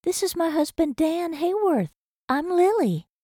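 A kind young wife who speaks in a soft, calming way, set noticeably higher than the narrator's own voice, as a woman puts her on. The delivery is gentle and the recording dry and close. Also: measured pace, dry recording, heavily acted.

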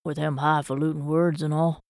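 A tall, cocky working man who mocks and teases in folksy speech, read low and mellow by a woman narrator. The audiobook sound is dry and close. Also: little pitch movement, normal speed, no echo. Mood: teasing.

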